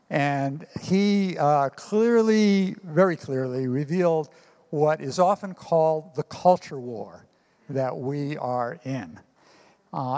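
Pastor preaching in a reverberant hall. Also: male voice, on the high side, a little mellow. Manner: storytelling with pauses and fillers. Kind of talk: sermon.

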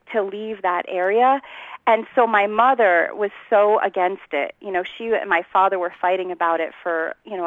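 A woman from New Jersey, a guest telling her personal story in a lively, conversational way and laughing often. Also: medium pitch, no room sound, phone-quality sound. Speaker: interview guest.

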